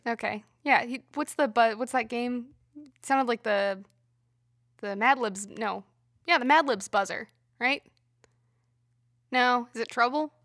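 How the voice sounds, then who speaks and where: Woman co-host, playful and teasing, high and bright, close dry mic. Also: measured pace, pauses often, no room sound. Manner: playful, teasing, laughs often. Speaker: podcast co-host. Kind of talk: casual comedic chat.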